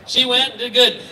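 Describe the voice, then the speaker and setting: A middle-aged man with a fairly high voice emcees an outdoor rally, telling jokes and laughing at them. His voice reaches the mic through a stage PA from far off, roomy and echoing, over clear outdoor noise. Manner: storytelling, laughs at own jokes. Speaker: rally emcee and gun dealer. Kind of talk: joking stage emcee speech. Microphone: stage microphone heard through PA from afar. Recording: echoey PA sound from far off.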